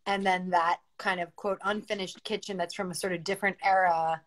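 A woman's voice: on the low side, steady tone, fairly quick. A woman chatting casually and complimenting a friend's apartment during a home tour. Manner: enthusiastic, complimentary. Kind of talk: casual chat.

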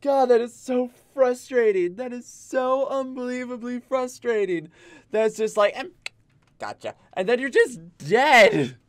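A man streaming a video game live, swearing and shouting at the enemies as he plays. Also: very high-pitched, unhurried, no echo. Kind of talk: live gameplay commentary. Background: game music.

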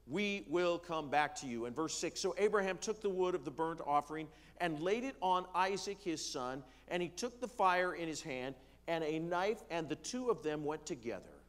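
Man preaching a deliberate sermon. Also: a little high. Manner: slows down to stress key words, some fillers. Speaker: pastor. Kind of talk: sermon reading and explaining scripture. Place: church sanctuary.

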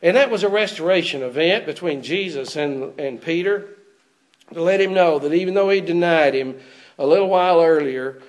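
A male preacher with a raised, fairly high speaking voice works through a Bible passage for his congregation. He often stops to put rhetorical questions to his listeners. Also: normal speed. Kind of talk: expository sermon. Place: church.

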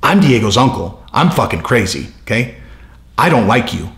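A man voicing a hot-tempered middle-aged uncle who growls low, profane threats. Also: very animated, moderate pace, fairly bright tone, roomy sound. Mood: threatening.

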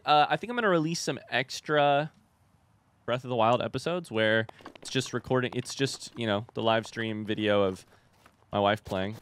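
A man's voice: medium pitch, fairly bright tone, slight background noise. A man hosting a casual let's-play video, chatting animatedly and talking back to the creatures in the game. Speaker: gaming video host.

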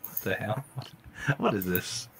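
A young man live-streaming a game, chatting with viewers in slang and breaking into loud exclamations. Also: lowish voice, big pitch swings, measured pace, slight background noise. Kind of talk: live-stream gaming commentary. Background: faint music.

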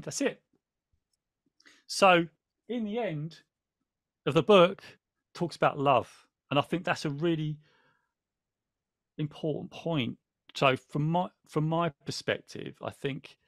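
A man's voice: on the high side, dry recording, clean studio sound. A man hosting a casual podcast, chatty and rambling, reading from a book and thanking viewers as he goes. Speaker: podcast host.

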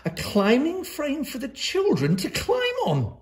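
Animated storyteller reading a picture book. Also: female voice, sits high. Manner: lively voices for characters, slow dramatic pauses. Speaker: school storyteller. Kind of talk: expressive read-aloud of a children's picture book.

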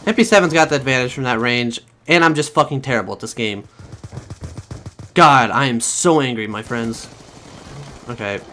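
A man's voice: mid-range voice, normal speed, pauses often, a little hiss or hum. Foul-mouthed man commentating his gameplay. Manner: profane, excitable, talks to his viewers. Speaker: gaming channel host.

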